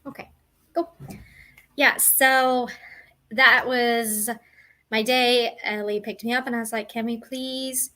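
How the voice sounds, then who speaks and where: Bright-voiced young woman vlogger, rambling. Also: fairly high pitch, slow pace, pauses often. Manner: rambling, self-deprecating, animated retelling. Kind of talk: casual storytelling to camera.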